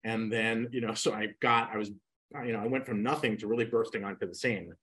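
A man's voice: fairly low pitch, a little fast, breathy edge, low-quality recording. An older man, a guest real estate coach, telling his story in a podcast interview and acting out the people he quotes. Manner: animated storyteller who acts out quoted speakers.

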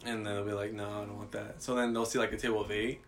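Fast-talking young man telling stories. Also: lowish voice, gravelly, a little hiss or hum. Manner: profane, animated storytelling with acted-out quotes. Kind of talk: casual storytelling chat.

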